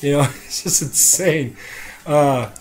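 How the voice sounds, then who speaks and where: A man's voice: on the high side, takes it slowly, slight background noise. A man chatting casually on a live stream, rambling with lots of fillers, with a dry throat. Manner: rambling, with many "uh"s and laughs. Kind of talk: casual chat.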